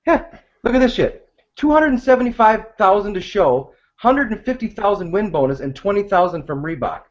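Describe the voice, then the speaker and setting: High-pitched guy cussing through mma chat, muffled lo-fi podcast sound. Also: animated, a little fast. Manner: profane, joking, reads out listener tweets. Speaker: podcast co-host. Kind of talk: casual sports banter.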